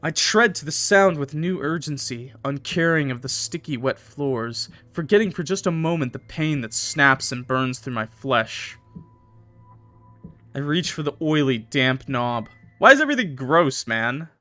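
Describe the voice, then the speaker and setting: A young man playing a horror visual novel, reading the narration aloud and cutting in with crude jokes and loud laughs. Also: fairly high pitch, animated, unhurried, no room sound. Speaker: let's play streamer. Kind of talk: reading aloud and joking commentary. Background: faint game music.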